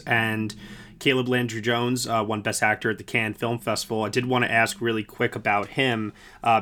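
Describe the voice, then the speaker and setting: A man's voice: mid-range voice, a bit bright. A man hosting a film podcast, interviewing a guest in a friendly, appreciative way. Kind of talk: casual interview and podcast outro.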